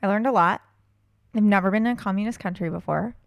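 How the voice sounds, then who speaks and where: A woman's voice: mid-range voice, fast, gravelly, no echo, dull audio. Chatty young woman co-hosting a podcast. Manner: chatty storyteller, laughs often. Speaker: podcast co-host. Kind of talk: casual podcast chat.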